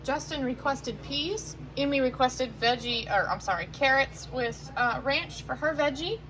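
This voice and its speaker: A woman cooks dinner in her home kitchen and chats casually, recording herself on a handheld phone. Her voice sits high and moves a little slowly. She tends to ramble and correct herself.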